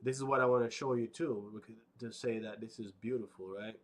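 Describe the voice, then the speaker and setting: A man's voice: medium pitch, fairly even intonation, a little fast. A man casually narrating a walking tour outdoors on a windy mountaintop, rambling with lots of fillers and "right?" tags. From United States. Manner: rambling, conversational, many fillers and tag questions. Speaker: vlogger.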